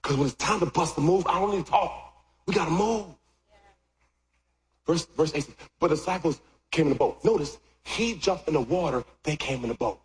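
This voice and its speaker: A middle-aged man preaching a sermon, swinging from loud shouts to quiet asides. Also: normal speed. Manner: animated, jumps from loud shouts to low asides. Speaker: pastor. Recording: echoey hall with long reverb.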